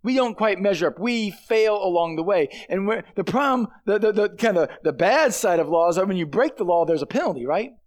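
Guy with a pretty high voice preaching, earnest and chatty, leans hard on key words. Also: animated, fairly quick, hardly any pauses. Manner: earnest, conversational preaching with emphatic stresses. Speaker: pastor. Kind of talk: sermon.

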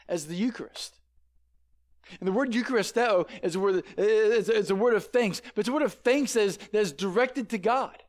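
A man preaching a sermon in an animated, conversational way, often repeating words as he starts a sentence, on a headset microphone. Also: high-pitched.

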